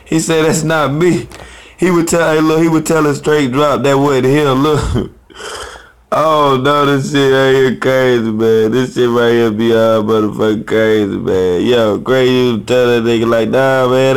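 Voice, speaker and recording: Mid-pitched male host, laughing and slangy while he reacts to clips. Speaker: radio show host. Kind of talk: casual commentary over clips.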